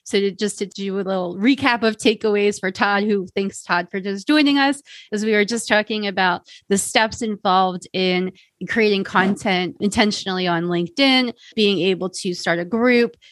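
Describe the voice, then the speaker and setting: A woman's voice: medium pitch, a bit bright, no room sound. A woman hosting a podcast, summarizing takeaways and asking follow-up questions. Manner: measured, summarizing. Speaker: podcast host. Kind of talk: interview recap and questions.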